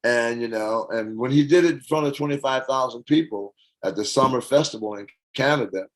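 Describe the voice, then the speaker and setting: An older man in a casual interview, telling stories with lively acted-out quotes and hummed parts. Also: medium pitch, brisk, rough recording. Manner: animated storyteller, acts out quotes and hums parts. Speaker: interview guest, former band singer.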